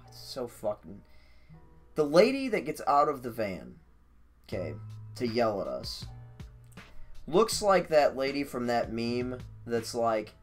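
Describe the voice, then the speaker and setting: A man streaming, telling a story casually in a profane, animated, rambling way. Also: medium pitch, slow pace, long pauses, faint music behind.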